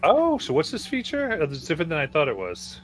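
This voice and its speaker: Bright-toned man running a tabletop game. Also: a little high, wildly swooping pitch, faint music behind. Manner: calls for saves and narrates turns briskly. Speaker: game master.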